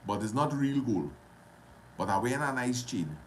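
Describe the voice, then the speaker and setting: Trinidadian man, casual vlog storyteller, dramatic repetition, mid-pitched voice. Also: normal speed, a little hiss or hum. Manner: animated, dramatic retelling with repetition and dialect.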